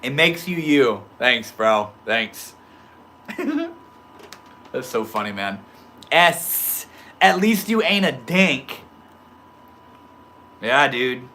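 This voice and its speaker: A man's voice: mid-range voice, lively intonation, extremely slow, pauses often, pushed and bright, slight background noise. A man chatting loosely with his livestream viewers, reading their comments aloud in slangy talk full of bro and dude. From Maine. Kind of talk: casual livestream chat.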